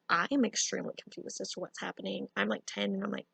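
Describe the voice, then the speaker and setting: A young woman telling a casual storytime, animated and full of fillers. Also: mid-range voice, quick pace, gravelly, hardly any pauses, slightly rough, no room sound. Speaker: vlogger.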